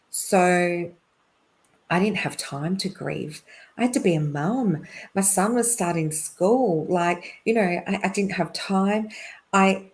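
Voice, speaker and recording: A middle-aged woman, a podcast guest, telling a personal story in a chatty way, with lots of fillers and quick laughs. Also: lowish voice. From Australia. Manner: chatty, laughs often, many fillers and restarts.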